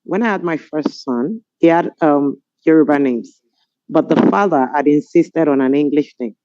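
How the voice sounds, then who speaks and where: A Nigerian woman in middle age speaks on a webinar panel over a video call. She tells her stories with animation and amusement in a dark, mellow voice. The audio is dry and dull, with a lo-fi tone. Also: low voice, no room sound.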